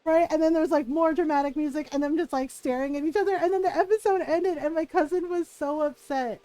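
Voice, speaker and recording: A woman's voice: sits high, fast, hardly any pauses, warm tone, no echo, low-quality recording. A woman livestreamer chatting casually while gaming, rambling through stories with many fillers and frequent laughter.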